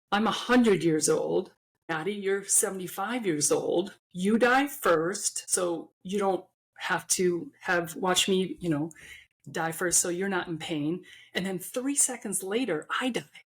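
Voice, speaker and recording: A woman's voice: on the low side, moderate pace. A middle-aged woman, a podcast guest, retelling a personal story in an earnest, impassioned way.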